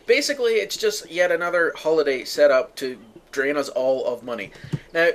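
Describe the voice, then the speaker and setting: A man's voice: a little high, normal speed, slight background noise. A young man from the UK ranting sarcastically to his viewers, profane and exasperated. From United Kingdom. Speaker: vlogger. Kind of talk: ranting monologue to camera.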